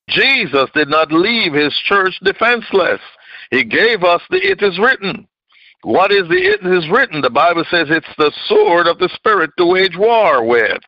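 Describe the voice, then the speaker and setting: A man's voice: on the high side, sharp tone, no room sound. Emphatic male preacher, dry dull sound. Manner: call-and-response preaching, emphatic. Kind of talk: sermon.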